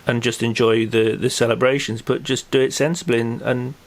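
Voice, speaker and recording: A man's voice: mid-range voice, little pitch movement, a little fast. A man hosting a local podcast in casual chat, rambling with many fillers and restarts. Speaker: podcast host.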